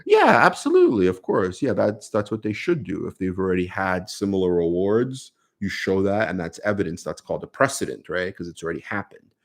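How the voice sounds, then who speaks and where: A man's voice: deep voice, big pitch swings, fairly quick. A man with a New York accent, a lawyer answering viewer questions on a casual live stream, speaking conversationally with many fillers.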